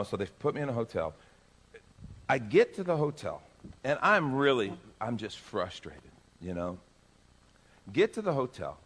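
A male pastor telling a lively story in a sermon, acting out the people in it. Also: medium pitch, measured pace, pauses often, breathy edge. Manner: animated, acts out dialogue in his story.

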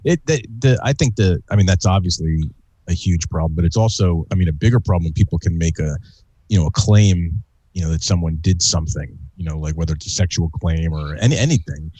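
A man's voice: low-pitched, a little fast, mellow, husky, no room sound. A man co-hosting a podcast, agreeing and adding earnest points. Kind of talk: casual podcast chat.

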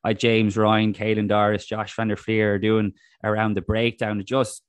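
Man, low dry voice. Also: completely flat delivery, moderate pace, clear, resonant tone, no echo. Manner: rambling, many restarts and fillers. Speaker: guest rugby writer. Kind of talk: casual podcast chat.

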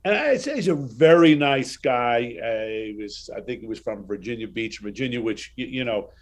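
Man, 60s, interview guest; mid-pitched voice, casual storyteller who plays out the dialogue. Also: normal speed. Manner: animated anecdotes, acts out dialogue.

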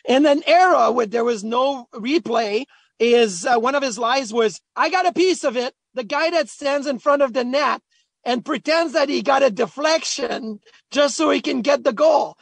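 A former hockey player talking as a guest at a golf charity event, telling stories in a chatty, animated way. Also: male voice, very high voice, normal speed, gravelly, breathy edge, dry recording. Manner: animated, chatty, acts out quotes. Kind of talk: storytelling.

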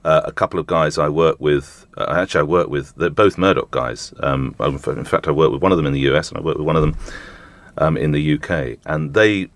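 A man's voice: very deep voice, a little fast. A middle-aged man, a breakfast radio host, talking frankly and joking in a casual interview, with lots of restarts and the odd swear word.

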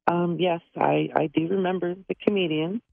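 Over a tinny telephone line, a woman calls in to a radio show and speaks bluntly, sounding exasperated. Her voice is fairly low, gravelly and steady, at a normal pace, and the recording is dry.

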